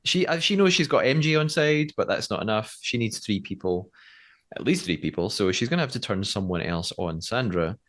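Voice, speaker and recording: A man's voice: fairly low pitch, big pitch swings, brisk, a bit bright. A man co-hosting a podcast, recapping a show in casual chat and laughing often. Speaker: podcast co-host.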